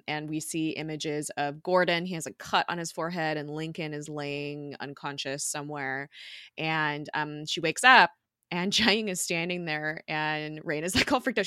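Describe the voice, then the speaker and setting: A woman's voice: deep voice, a bit bright, no room sound, studio quality. A young adult woman co-hosting a podcast, chatting casually, laughing often and retelling scenes with quoted lines. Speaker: podcast co-host. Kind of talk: casual podcast recap chat.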